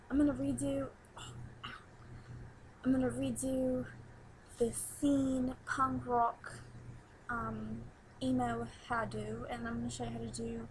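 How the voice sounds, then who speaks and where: A teenage girl chats into her webcam at home, her voice sitting a little high. She rambles from one thing to the next and breaks into giggles often. A faint hiss runs under the home recording. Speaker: new vlogger. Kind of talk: casual webcam chat.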